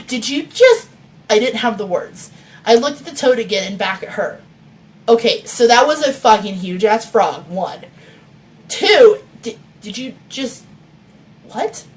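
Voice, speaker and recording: A woman author reading her novel aloud and chatting with viewers, laughing often and swearing freely, on a phone mic. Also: a little high.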